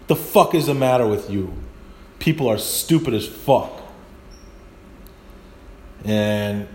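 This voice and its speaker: A middle-aged man hosting a podcast, delivering a blunt, profanity-laced casual monologue that builds into rants. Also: medium pitch. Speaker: podcast host.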